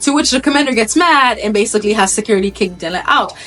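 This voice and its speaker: Woman, casual storyteller, chatty, fairly high voice. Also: lively intonation, quick pace, fairly bright tone. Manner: chatty, lots of "like" and asides.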